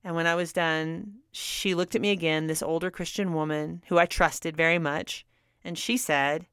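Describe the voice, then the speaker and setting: A woman's voice: sits low, steady tone, normal speed, a bit bright, clear, resonant tone, no room sound, studio quality. A middle-aged woman radio host telling a personal story in a candid, earnest way, laughing now and then. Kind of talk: personal testimony talk.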